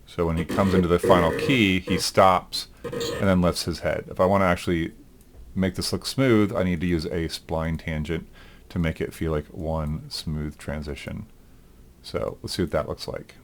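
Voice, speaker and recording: Man, animation teacher, very low voice, relaxed, thinks out loud, lots of ums. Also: moderate pace, background noise. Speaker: animation instructor. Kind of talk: recorded lecture demonstrating software.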